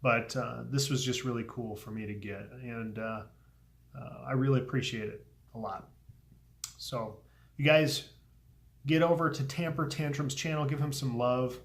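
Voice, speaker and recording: A man talks through an unboxing in a casual vlog, his voice sitting at an everyday middle pitch. He sounds earnest and a little emotional, often letting his words trail off softly between thoughts. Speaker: pipe tobacco video host.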